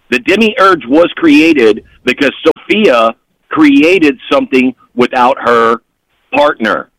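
A man as a podcast guest, telling an animated story in an excitable way and constantly checking in with the listener. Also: mid-range voice, vocal fry, no echo, rough recording. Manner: excitable, keeps checking in with "okay?".

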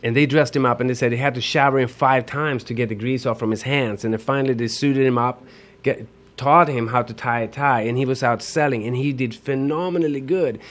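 A man's voice: medium pitch, fairly even intonation, brisk. A man with a Swedish accent, a guest explaining things in casual interview chat, earnest and a little repetitive. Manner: earnest, explanatory, repeats words.

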